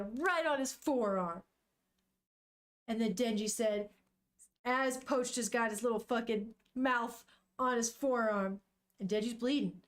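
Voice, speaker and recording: A young woman streamer chatting casually and emotionally while reading a comic aloud, swearing now and then. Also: a little high. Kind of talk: casual live-stream commentary.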